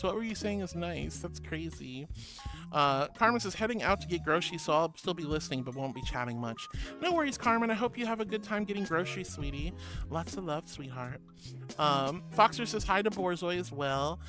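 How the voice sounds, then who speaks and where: A VTuber streamer casually reading viewer messages aloud, playful and giggly, calling people sweetie and honey. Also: mid-range voice. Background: music playing.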